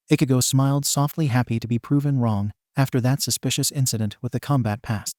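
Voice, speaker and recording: A man narrating a fan fiction story in a steady, even storytelling manner, recorded on a close mic. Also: medium pitch, a little fast, hardly any pauses, dry recording.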